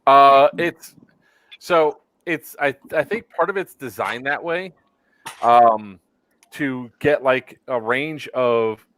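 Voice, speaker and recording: A man's voice: mid-range voice, slow pace, a bit bright. A man co-hosting a casual group stream, talking in long rambling turns with many fillers and restarts. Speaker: podcast co-host.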